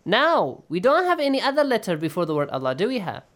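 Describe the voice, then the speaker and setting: In an online tajweed lesson, a man teaches the rules of Quran recitation, explaining patiently and checking understanding often. He talks fast in a high, slightly bright voice with huge pitch swings.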